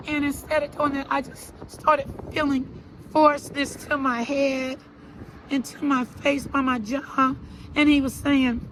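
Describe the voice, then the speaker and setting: A woman telling her own story to an interviewer in an earnest, halting way, repeating herself and restarting her sentences. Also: high-pitched, level tone, fairly bright tone, a little hiss or hum, poor audio. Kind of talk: personal account in an interview.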